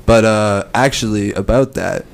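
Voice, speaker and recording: Laid-back young man, low easy talk. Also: normal speed, creaky. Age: young adult. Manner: laid-back, trailing off with fillers. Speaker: guest musician. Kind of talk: casual radio interview. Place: radio studio.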